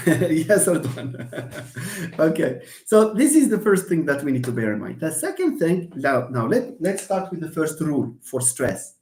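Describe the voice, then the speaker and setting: A teacher giving a live online English lecture. They speak patiently and chattily, laugh easily, answer students by name, and draw words out slowly to count syllables. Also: mid-range voice, sing-song, darkish tone, reverberant.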